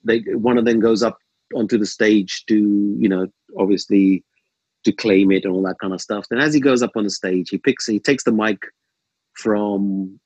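A guest in a casual conversation tells a long, rambling anecdote full of ums, restarts, and lively quoted asides. His voice is on the low side and husky, at a moderate pace, recorded with no echo but at low quality.

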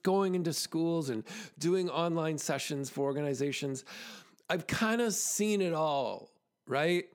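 A podcast host talks straight to his listeners in a loose, chatty monologue. His voice sits fairly high for a man, and he laughs often and restarts sentences as he tells his story. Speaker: podcast host, arts in education specialist.

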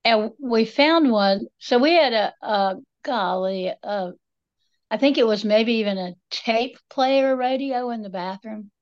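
Middle-aged woman, higher voice, wry storyteller, dull lo-fi recording. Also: measured pace. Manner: chatty storyteller, wry and self-mocking. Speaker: podcast co-host. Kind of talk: casual chat. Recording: dull lo-fi sound.

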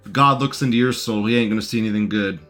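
A man's voice: fairly low pitch, steady tone, racing, a bit bright, soft background music. A man giving casual, mocking commentary as he reacts to a recorded debate and talks back to it.

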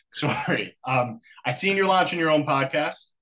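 A man hosting a podcast, chatting casually with a relaxed, laughing, slightly fumbling way of asking. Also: fairly high pitch, a little slow. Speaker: podcast host. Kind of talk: casual interview chat.

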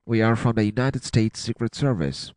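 A man's voice: lowish voice, expressive, normal speed, a little mellow, clean tone, no echo, clean studio sound, pitched above the performer's own voice, close to an everyday voice. A man voicing a commanding male Secret Service agent in a storybook reading, with urgent, clipped commands.

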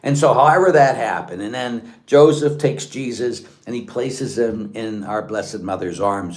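A man, a Catholic priest, giving an informal spiritual talk in an earnest, conversational way, often sinking to a hushed voice. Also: mid-range voice, measured pace. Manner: earnest and conversational, dropping to a hushed tone in reflective passages.

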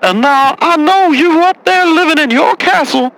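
A man voicing an indignant caller on a comedy radio bit who is quick to take offense and talks confrontationally. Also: very high voice, a bit bright, rough recording.

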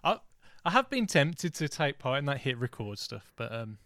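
Easygoing man, mid-pitched. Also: sing-song, normal speed, a bit bright, no echo, studio quality. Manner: enthusiastic, easygoing film talk. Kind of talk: casual chat.

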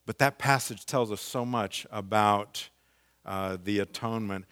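A man preaching a sermon, explaining scripture slowly and reading passages with strong emphasis. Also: on the low side, a bit bright, clear, resonant tone. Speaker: pastor.

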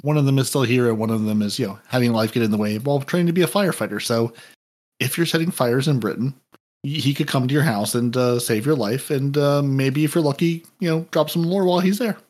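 A man's voice: mid-range voice, fast, darkish tone. A man hosting a gaming podcast in casual chat, rambling and joking as he thanks supporters. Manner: rambling, jokey. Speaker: podcast host.

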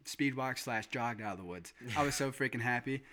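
Male guest, casual storyteller, excitable, forceful bright tone. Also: mid-range voice, a little fast. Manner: excited storytelling, swears and laughs. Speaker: guest telling a hunting story. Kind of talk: casual chat.

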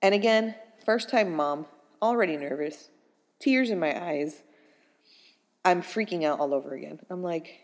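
A young woman casually telling her pregnancy story in an animated, chatty way with plenty of fillers. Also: medium pitch, a little slow, in a large hall.

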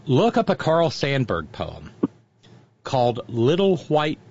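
A man telling stories in casual chat as a radio host, animated and mimicking the way others talk. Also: medium pitch, slow pace, lo-fi sound. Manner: animated, drawling storyteller who mimics accents.

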